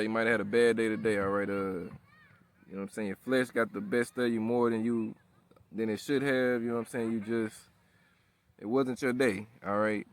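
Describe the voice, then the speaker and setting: A man in his thirties giving a loose, casual sermon in a slangy, profane way, constantly asking "all right?" and "you know what I'm saying?". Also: lowish voice. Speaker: preacher. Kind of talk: casual street-style sermon.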